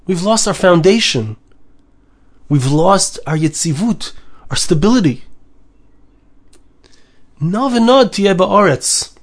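A man with a high, light voice delivers a Torah lesson as a sermon. He speaks earnestly, repeats himself for emphasis and drops Hebrew terms into his English. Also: lively intonation, slow pace, pauses often.

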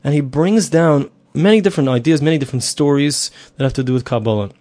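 Middle-aged man, Torah teacher, fairly high voice, earnest and repetitive, asks questions of his listeners. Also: fast, dark tone. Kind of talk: spoken Torah lesson.

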